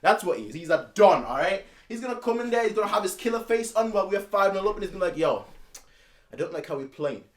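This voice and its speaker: A man's voice: high voice, lively intonation, racing, few pauses. A man hosting a football fan channel, giving a casual match preview in an emphatic, slangy, repetitive way.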